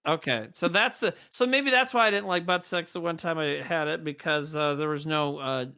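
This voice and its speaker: A man's voice: fairly high pitch, normal speed, bright, forceful tone, clean tone. A man co-hosting a podcast, joking crudely and rambling in casual chat. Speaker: podcast co-host.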